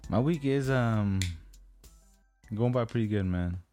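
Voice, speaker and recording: A man's voice: on the low side, measured pace, dark tone, faint music behind. A man in a casual chat, talking in a laid-back, slangy way with plenty of hesitations. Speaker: podcast co-host.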